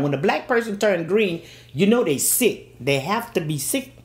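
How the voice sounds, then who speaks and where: An older woman tells a story from her childhood in a lively, preacher-like way. Her fairly low voice swings widely in pitch as she acts out every part. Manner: animated, acts out every character.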